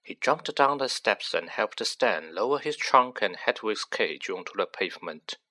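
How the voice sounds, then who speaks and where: Slow, bright-voiced male storyteller. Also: lowish voice. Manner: unhurried, expressive. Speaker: audiobook narrator. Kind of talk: storybook narration.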